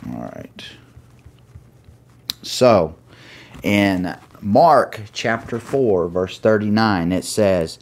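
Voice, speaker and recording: A man preaching an earnest sermon, pausing to find his place and reading scripture aloud. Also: on the low side, animated, gravelly, a little mellow. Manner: earnest, reads scripture aloud with pauses while finding pages.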